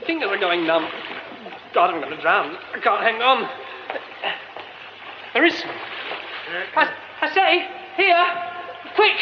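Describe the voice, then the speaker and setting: A flustered young theatre director who mutters to himself and speaks up in a bright, high voice that rises and falls a lot. It is a muffled radio play with clear background hiss. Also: male voice, expressive, normal speed. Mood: panicked. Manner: muttering to himself, then panicked. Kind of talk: radio drama acting.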